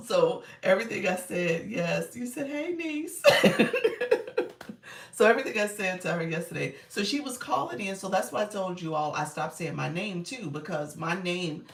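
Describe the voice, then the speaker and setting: Gravelly low-voiced woman coaching live. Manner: chatty, greets viewers by name, laughs often. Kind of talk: casual live-stream chat.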